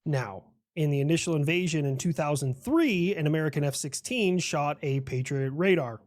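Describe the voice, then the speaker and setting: A man's voice: a little high, expressive, normal speed, a little mellow, no room sound, studio quality, lightly acted. A man voicing a boastful personified America. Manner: boastful, explains at length. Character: proud personified United States, male, lecturing. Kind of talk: comedic animated skit dialogue.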